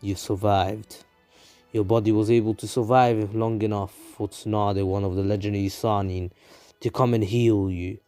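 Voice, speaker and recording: A man voicing a scornful fox spirit sealed inside a boy, mocking and insulting him in a slow, low voice. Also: level tone, mellow, clear, resonant tone, soft background music, lightly acted.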